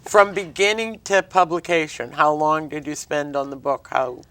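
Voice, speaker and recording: A local cable-TV host with a medium-pitched voice interviews a guest in a relaxed, chatty way. The host keeps jumping in to finish the guest's sentences. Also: moderate pace. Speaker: talk show host. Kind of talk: casual interview chat. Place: local TV studio.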